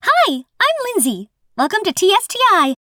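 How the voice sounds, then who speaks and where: A woman's voice: very high voice, huge pitch swings, normal speed, bright, forceful tone, no room sound, studio quality, voice pushed up, full character voice. A woman voicing a chirpy, cheerful young campus greeter who is eager to help, in an audiobook.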